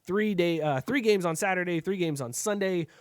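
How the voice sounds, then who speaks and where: A man's voice: high-pitched, moderate pace, dry recording. A man hosting a casual podcast chat over a video call, joking and laughing often at his own lines. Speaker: podcast host.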